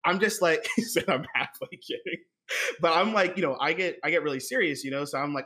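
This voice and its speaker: Man, slightly high voice, animated, laughs often, casual gaming chat. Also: fairly quick. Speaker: gaming podcast co-host.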